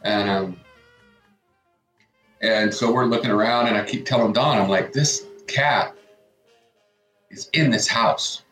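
A man's voice: lowish voice, slow, pauses often, fairly bright tone, reverberant, faint music behind. A middle-aged man co-hosting a morning radio show, telling a rambling story in casual chat and acting out what his family said.

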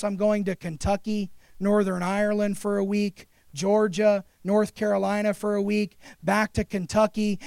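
A man preaches with a high, gravelly voice, recorded close and dry. He builds to loud, urgent exhortation, then drops to a quiet, confessional hush. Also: no room sound. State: recovering from pneumonia. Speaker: pastor. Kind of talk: sermon.

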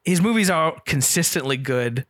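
A man co-hosting a casual film podcast, talking in animated bursts with many restarts. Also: on the high side, normal speed, dry recording. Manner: animated, many restarts, quotes lines in put-on voices. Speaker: podcast co-host.

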